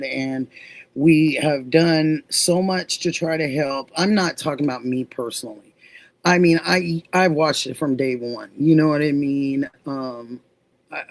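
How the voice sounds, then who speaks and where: A woman's voice: deep voice, vocal fry, no echo. A middle-aged woman hosting a livestream, reading chat and telling a personal story, acting out the dialogue as she goes. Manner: animated retelling, acting out quoted dialogue. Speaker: livestream host.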